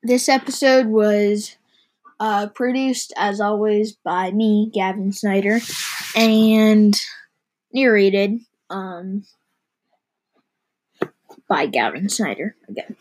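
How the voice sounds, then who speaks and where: A young narrator reading a storybook aloud, halting with restarts and little asides, and hosting a podcast. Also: mid-range voice, low-quality recording.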